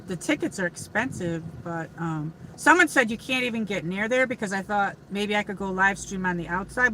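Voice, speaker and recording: A woman from upstate New York hosts a casual livestream from her car. Her voice is bright and forward, and she rambles along with plenty of fillers and restarts. A faint hum of noise sits behind her. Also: medium pitch, low-quality recording. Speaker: livestream host.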